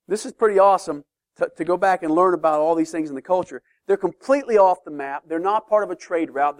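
High-voiced guy preaching to a class, lively and emphatic, dry close sound. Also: no echo. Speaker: pastor or Bible teacher. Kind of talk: teaching sermon.

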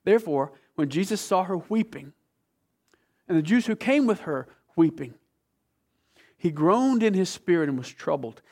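A man preaching a sermon with passion, talking to his audience and asking them questions, moving between hushed and loud delivery. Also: high voice, expressive, normal speed, pauses often. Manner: conversational, asks the audience questions.

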